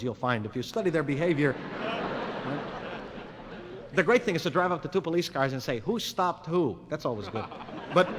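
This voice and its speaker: A man's voice: fairly high pitch, background noise. A man doing a live stand-up monologue in a rambling, conversational way, acting out both sides of the dialogue himself. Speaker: stand-up comedian. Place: live venue with audience. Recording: 1961 live album, long hall reverb, faint ambience.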